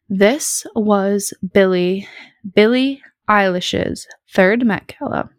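A woman's voice: medium pitch, no echo, clean studio sound. A young woman hosting a podcast at home, chatting casually in a rambling, bubbly, self-deprecating way. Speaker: podcast host. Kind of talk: casual solo chat.

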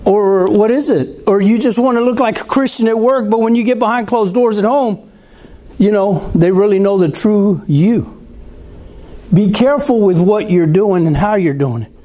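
A man's voice: high voice, normal speed, warm tone. A man preaching a conversational sermon, asking the congregation questions.

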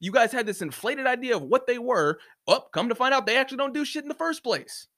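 A man's voice: extremely high pitch, expressive, fast talker, a bit bright. A man hosting a solo podcast, ranting in a profane, heated and sarcastic way, often mocking other people's views. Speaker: podcast host. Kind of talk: opinionated solo podcast rant.

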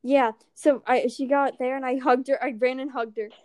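High-voiced teen girl telling stories. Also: moderate pace, no echo, clean studio sound. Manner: animated storytelling, acting out quotes. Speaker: storyteller. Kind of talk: casual chat.

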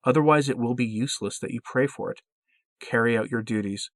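A man voicing a gentle, patient, motherly heavenly woman who speaks in calm, pleading exhortations. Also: mid-range voice, brisk, dry recording, lightly acted. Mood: gently pleading.

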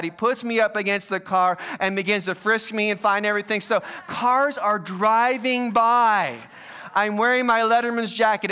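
A man's voice: sits high, pushed and bright, clean tone. A middle-aged man preaching a sermon, telling a self-mocking personal story with humor. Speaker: pastor.

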